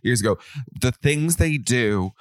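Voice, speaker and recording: A man's voice: mid-range voice, lively intonation, normal speed, no room sound, clean studio sound. An Irish man co-hosting a podcast, hungover and chatty, swearing as he tells what happened. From Ireland. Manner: chatty, swears, quotes people in anecdotes. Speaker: podcast co-host. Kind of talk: casual chat.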